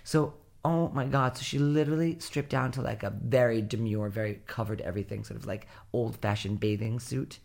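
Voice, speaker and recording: Woman co-host, extremely deep voice, expressive storyteller. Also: brisk, gravelly, few pauses. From Rhode Island, USA. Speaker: podcast co-host. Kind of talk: casual chat.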